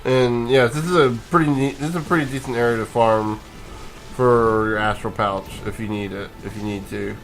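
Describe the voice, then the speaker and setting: A sleepy man talks through a video game session in a loose, rambling way, chuckling and restarting his sentences as he goes. His voice sits at an ordinary middle pitch, with faint game music playing underneath. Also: steady tone, normal speed, a bit bright. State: sleepy, yawning. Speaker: let's play gamer. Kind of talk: casual gameplay commentary.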